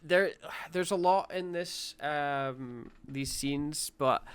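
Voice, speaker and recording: Picture a man with a smooth, resonant voice recorded close and dry, talking through a review in easy podcast chat. He is relaxed and unpolished, swearing freely and leaning on fillers as he thinks aloud. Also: a little high, takes it slowly, dry recording. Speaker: podcast co-host.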